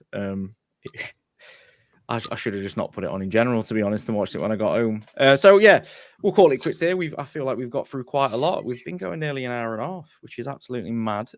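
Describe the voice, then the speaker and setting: A man's voice: mid-range voice, no echo. A man hosting a casual football fan show, chatting candidly with frequent ums.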